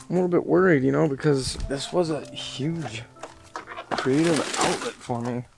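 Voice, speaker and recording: A man's voice: mid-range voice, normal speed, vocal fry, music in the background. A middle-aged man vlogging on his last day at his cabin, choked up and sighing as he talks to himself. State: tearful. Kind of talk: emotional personal vlog.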